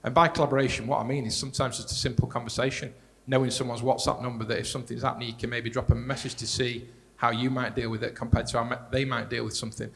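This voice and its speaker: A man speaking as a panelist in a live discussion, talking quickly and conversationally and repeating words as he restarts. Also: medium pitch, level tone, gravelly, fairly bright tone. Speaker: panelist, director of strategic partnerships. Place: large hall at a live panel event. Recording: reverberant hall.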